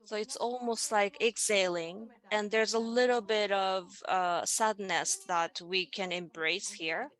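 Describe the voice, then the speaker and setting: A woman presents over a video call, her mid-range voice unhurried and deliberate. She explains each idea step by step and leads her listeners through simple vocal exercises. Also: medium pitch, a bit bright. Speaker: presenter in a panel dialogue. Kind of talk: online presentation on voice and music.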